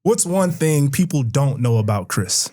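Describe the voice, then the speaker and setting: A man's voice: medium pitch, animated, a little slow, dark tone. A man hosting an interview podcast, asking questions in a playful, upbeat, teasing way. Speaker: podcast host.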